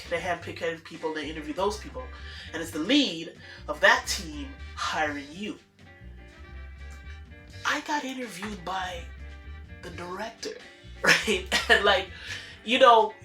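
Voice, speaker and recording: A woman telling a personal story in a casual, animated way, acting out the dialogue and laughing often. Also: lowish voice. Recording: echoey room with faint music.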